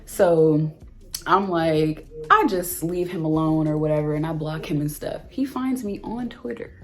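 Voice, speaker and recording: A young woman vlogger telling a dating story in an animated, exasperated way, acting out the lines of both people. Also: low-pitched, a little slow. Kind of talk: storytime vlog.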